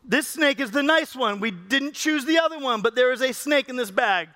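A man's voice: very high-pitched, expressive, moderate pace, bright, forceful tone. A man preaching a sermon as pastor, talking in a conversational, joking way with his congregation and coaxing people up on stage. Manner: calls people up and coaxes them on stage.

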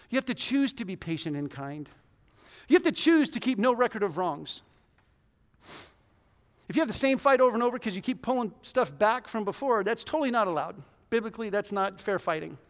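A man in his forties preaching a conversational, self-deprecating sermon in a church hall, with sudden loud bursts. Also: sits high. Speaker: pastor.

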